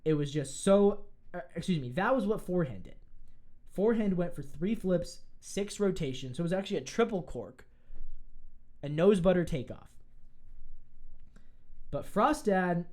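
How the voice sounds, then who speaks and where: A sports podcast host riffing through casual commentary in a voice of middling pitch. The talk comes in excitable, opinionated bursts, with frequent restarts when the enthusiasm runs ahead of the words. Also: normal speed, pauses often.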